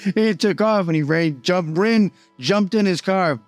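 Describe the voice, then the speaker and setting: Speaking a little slowly, a YouTuber from Boston tells a casual prison story in a rambling style, filling it with "like" and "you know." His clear, smooth voice sits at an ordinary pitch. The sound is dry and close, with faint music underneath.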